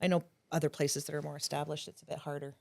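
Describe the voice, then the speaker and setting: A woman's voice: low-pitched, little pitch movement, quick pace, creaky, darkish tone. A woman, a bakery co-owner, chatting casually and upbeat as a podcast guest. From Canada.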